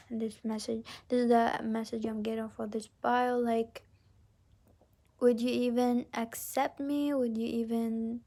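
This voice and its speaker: Woman doing a chill card reading, kinda high voice w lots of vocal fry, keeps dropping to a whisper. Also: flat delivery, warm tone. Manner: often drops into a whisper mid-sentence; halting, filled with "like" and restarts. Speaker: tarot card reader. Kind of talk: casual pick-a-card reading.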